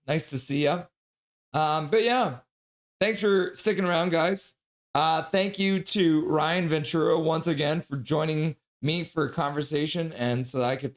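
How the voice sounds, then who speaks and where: A man hosting a live sports stream, casually reading out chat messages and donations while signing off. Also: a little high. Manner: chatty, reads chat and donations aloud. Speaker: streamer host.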